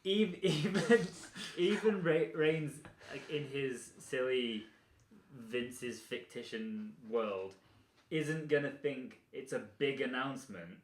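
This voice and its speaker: A man co-hosting a casual podcast chat, animated and prone to restarting his sentences. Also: mid-range voice, slow pace, slight background noise. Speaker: podcast co-host. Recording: roomy echo.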